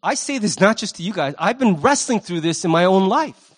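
A pastor preaching a sermon, animated, acting out the voices he quotes and repeating words as he starts a thought. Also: sits high, brisk, slightly rough.

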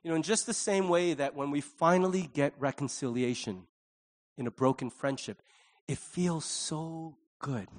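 A man's voice: a little high, normal speed. A middle-aged male pastor preaching a conversational sermon, acting out little quoted voices along the way.

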